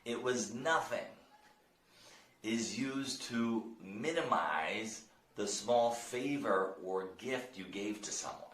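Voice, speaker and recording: An American man teaching English, explaining phrases and modeling them slowly for learners. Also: on the low side, a bit bright, a little hiss or hum. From United States. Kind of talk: language lesson. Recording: roomy echo.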